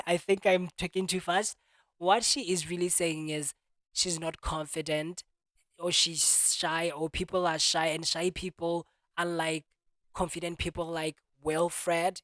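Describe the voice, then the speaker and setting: A young man talking to camera in a casual monologue, animated, restarting and repeating himself often. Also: on the high side, no echo, studio quality. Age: young adult. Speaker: vlogger.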